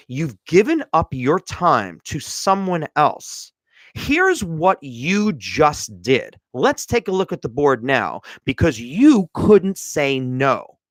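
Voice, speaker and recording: Speaking to his viewers on a motivational livestream, this podcast host lectures emphatically and hammers the same points again and again. His voice is on the high side and fairly bright, with no room sound.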